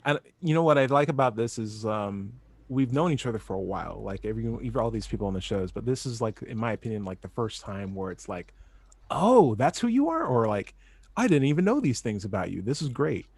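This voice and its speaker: A man from California hosting a casual podcast, energetic, rambling and playful. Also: on the low side, quick pace, slightly rough, no echo. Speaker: host.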